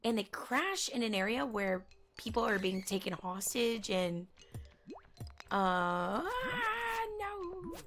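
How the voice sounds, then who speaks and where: A chatty woman talks loosely while she plays a game at home, drifting off her story to react to the game. Her voice carries a gravelly fry. Soft game music plays quietly underneath. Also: mid-range voice. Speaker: gaming streamer. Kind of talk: casual chat while playing a game. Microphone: headphones on.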